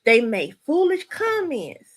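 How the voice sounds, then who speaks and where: Lively high-voiced woman presenting a word. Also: slow. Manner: animated, sassy and gossipy, addresses viewers as y'all. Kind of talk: folksy live-stream segment.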